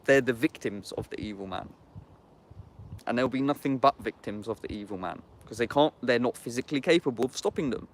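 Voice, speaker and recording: A man's voice: mid-range voice, brisk, a little hiss or hum. A man in a casual livestream chat, talking bluntly and heatedly, swearing and saying "bruv" constantly.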